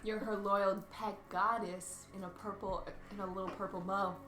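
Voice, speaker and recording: A woman's voice: very high voice, animated, a little slow, pushed and bright, recorded from a distance, heavily acted. A paranoid, accusing druid, played by a woman speaks in a dropped, intense voice. The room around her is echoey. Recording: roomy room sound.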